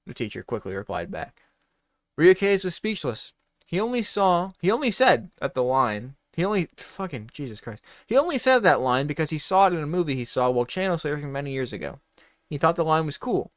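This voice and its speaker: A man's voice: on the high side, expressive, brisk, no echo, clean studio sound. A man reading a comedy story aloud in a mock-dramatic voice, breaking off for swearing asides.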